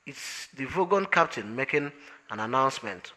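A man's voice: medium pitch, animated, moderate pace, sharp tone. A man reading an audiobook, voicing a breezy, smug male alien traveler in an offhand, amused way.

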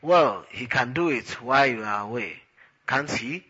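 A man's voice: medium pitch, lively intonation, measured pace, pushed and bright, slightly rough, lo-fi sound, full character voice. A man voicing an urgent, insistent friend who keeps pressing his point. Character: urgent, distracted male friend, adult.

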